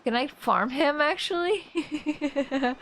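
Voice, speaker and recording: A woman's voice: sits high, slow, fairly bright tone, rough recording. A woman streamer chatting casually with her viewers while playing a game. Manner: chatty, greets and reassures chat. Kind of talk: casual gameplay commentary.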